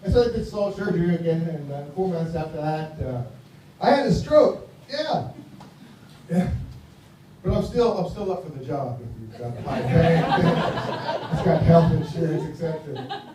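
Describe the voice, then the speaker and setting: This American comic in his fifties, performing live, has a slightly high, animated voice and a moderate pace, with crowd noise around him. His set rambles and his delivery is mumbly, and the recording catches him distantly in a very echoey space with faint noise.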